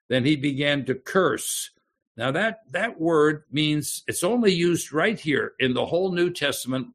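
Gravelly male preacher reading scripture. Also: on the high side, unhurried. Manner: animated, repeats and restarts words, reads scripture aloud. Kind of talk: sermon.

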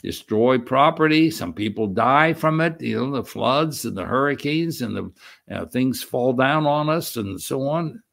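An older man preaching a sermon, reading scripture aloud with slow, emphatic stress and explaining it in a halting way with many restarts. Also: mid-range voice, animated, gravelly, a bit bright. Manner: unhurried, halting with frequent restarts and fillers; reads quoted verses with slow emphatic stress. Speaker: pastor.

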